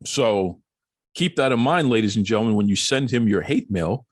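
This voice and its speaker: A man's voice: on the low side, expressive, normal speed, no room sound, clean studio sound. A man hosting a podcast in casual chat, jokey and teasing, laughing often. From Boston area. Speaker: podcast host.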